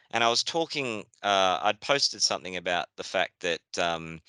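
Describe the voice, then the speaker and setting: A man with a New Zealand accent hosts a webinar in a chatty, casual manner. His voice sits low but sounds bright and crisp. The video call audio is dry and close. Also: animated, brisk, hardly any pauses, dry recording. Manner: chatty, with many fillers and restarts. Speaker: webinar host.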